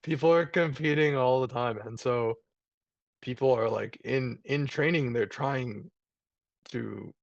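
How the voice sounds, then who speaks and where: A man's voice: medium pitch, a little slow, gravelly, no echo, highs cut off. A man, a jiu-jitsu brown belt, chatting casually over a video call, rambling with lots of fillers and restarts.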